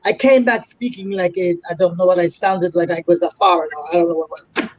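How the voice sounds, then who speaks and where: A woman's voice: on the low side, a little fast, no echo. Older woman with a New York accent; chatty storyteller, dry, dull remote audio. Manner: chatty storyteller, lively asides. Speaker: guest. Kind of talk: casual interview chat.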